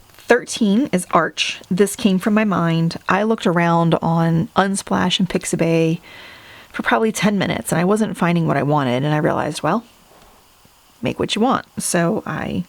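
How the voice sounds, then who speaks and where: A middle-aged woman walks through the pages of her sketchbook in a relaxed, chatty way, poking fun at her own work. Her voice sits low and carries a gravelly fry. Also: normal speed, no echo. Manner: chatty, self-deprecating, laughs at herself. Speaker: artist showing her sketchbook. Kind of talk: casual narrated flip-through.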